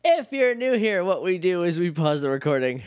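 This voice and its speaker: A man's voice: sits high, very animated, moderate pace, darkish tone, clear, resonant tone, no echo, studio quality. A man in his twenties from New Hampshire co-hosting a podcast, joking, laughing often and reading listener mail aloud. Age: 20s. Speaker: podcast co-host. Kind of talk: casual chat.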